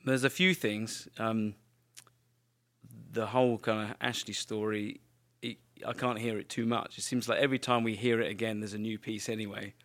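A man appearing as a guest songwriter, talking in a relaxed, thoughtful way. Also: lowish voice, normal speed. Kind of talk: casual chat.

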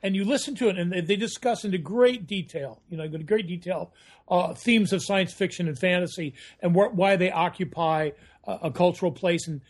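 A man chatting as a guest on a podcast, telling rambling, animated stories. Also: high-pitched, brisk. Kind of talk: casual podcast chat.

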